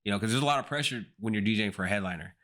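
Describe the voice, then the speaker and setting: A young man talks through his stories in a relaxed, slang-heavy way, often slipping into the voices of the people he quotes. His voice sits on the low side but comes across bright and forceful. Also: racing. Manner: laid-back slangy storytelling, acts out quotes. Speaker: pro skater and DJ guest. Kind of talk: casual podcast interview.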